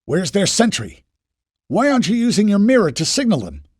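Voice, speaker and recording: A man voicing a brave young man in an audiobook, shouting urgent commands. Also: sits high, huge pitch swings, brisk, husky, dry recording, studio quality, pitched above the performer's own voice, full character voice. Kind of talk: audiobook character voice.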